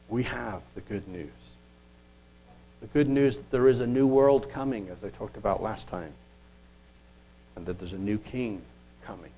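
A man preaching a sermon, reading scripture aloud and asking rhetorical questions, earnest with quiet asides. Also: fairly low pitch, unhurried, long pauses, breathy edge, rough recording.

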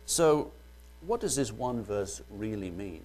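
British man preaching a sermon, low voice. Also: very animated, slow pace, darkish tone. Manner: joking, then earnest Bible reading.

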